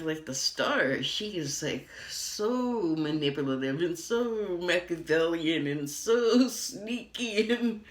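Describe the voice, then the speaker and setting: Slow, rambling American woman in a roomy room. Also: low voice, fairly bright tone. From United States. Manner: rambling, laughs often. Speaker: TV critic. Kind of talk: casual TV review talk. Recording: roomy echo.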